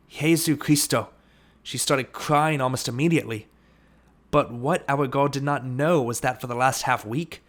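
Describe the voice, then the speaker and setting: A man narrating an audiobook, reading steadily and lifting his voice for shouted lines. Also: mid-range voice. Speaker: audiobook reader.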